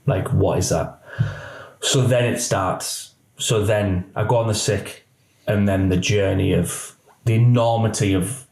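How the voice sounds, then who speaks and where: A middle-aged officer, interviewed for a podcast, speaks a little slowly in a fairly low voice with vocal fry. He tells what happened without holding back, animatedly voicing the people he quotes. The space sounds echoey.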